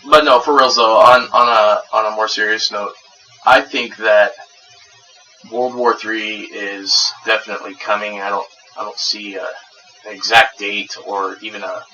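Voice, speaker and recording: A man co-hosting a casual podcast, crude and quick to laugh, often stumbling and restarting. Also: lowish voice, flat delivery, bright, forceful tone, lo-fi sound. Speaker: podcast co-host. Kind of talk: casual chat. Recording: distant mic with background noise.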